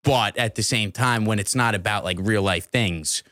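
Laid back guy rambling on a podcast, low voice, lots of likes. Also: moderate pace, sharp tone, dry recording, studio quality. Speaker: podcast guest. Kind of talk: casual chat.

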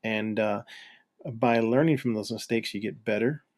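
A man hosting a casual solo podcast, talking haltingly with lots of fillers and restarts. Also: fairly low pitch, a little mellow. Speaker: podcast host.

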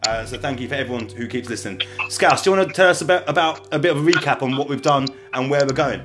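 A male podcast host who talks casually and rambles, doubling back to restart his sentences. His pitch sits mid-range for a man. Faint music plays softly under his voice. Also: quick pace. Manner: chatty and rambling, many restarts.

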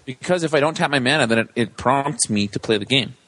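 A man's voice: mid-range voice, expressive, quick pace, fairly bright tone, no echo. A man co-hosting a card game podcast in casual chat, joking, teasing and swearing freely.

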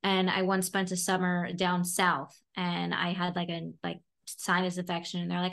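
A woman in her thirties from Brooklyn, a podcast guest telling lively stories and putting on voices. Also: lowish voice, normal speed, vocal fry, hardly any pauses. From Brooklyn, New York. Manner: lively storyteller, does voices and laughs. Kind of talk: casual interview chat.

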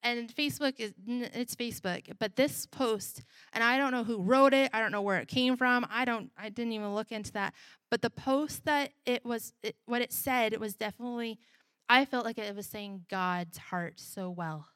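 A woman's voice: fairly high pitch, normal speed, smooth, dry recording, studio quality. Woman preaching with a repeated refrain. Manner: repetitive preaching refrain, emphatic then soft. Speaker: pastor. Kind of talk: sermon.

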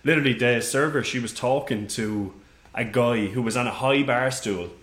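A man co-hosting a podcast, telling stories in casual, profane chat and jumping high when he mimics people. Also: moderate pace. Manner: animated storytelling, jumps high for quoted voices. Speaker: podcast co-host. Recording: roomy echo.

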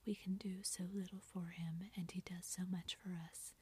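A woman whispering an eager girl who plays a gentleman at a club meeting, as whispered role-play. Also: fairly low pitch, little pitch movement, normal speed. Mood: earnest. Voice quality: breathy whisper.

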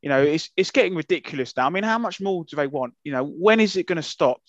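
Man, podcast co-host, passionate, indignant, swears a lot, somewhat high voice, dry lo-fi sound. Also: lively intonation, fast, no room sound. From England. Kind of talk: heated casual podcast rant.

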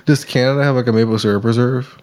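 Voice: mid-range voice, steady tone, fast, darkish tone. A podcast co-host bantering with friends in a sarcastic, self-deprecating way. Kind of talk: casual chat among friends.

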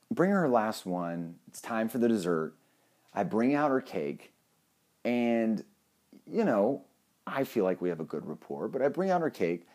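A young man tells a funny anecdote straight to his audience, joking and cursing casually as he goes. His voice is low and mellow, yet it bounces around a lot as he hams up the story. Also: vocal fry. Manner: animated, joking, swears casually.

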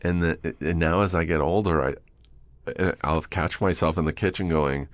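Man host, lowish voice, dry close mic; crude storyteller who mimics himself. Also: a little slow, a bit bright, dry recording. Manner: profane, self-mocking storytelling; acts out his own muttering in a higher voice. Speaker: podcast host. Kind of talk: casual chat.

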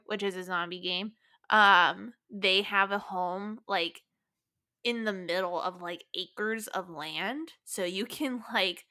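A woman co-hosts a casual podcast with a bright, clear voice. She talks in an animated, giggly way, swears casually and leans on "like" between thoughts. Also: medium pitch, no room sound, clean studio sound. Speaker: podcast co-host. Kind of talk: casual chat.

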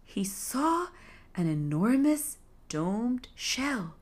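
A woman narrating a folktale as a soothing bedtime story, soft and hushed, at times slipping into a whisper. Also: on the high side, sing-song, extremely slow.

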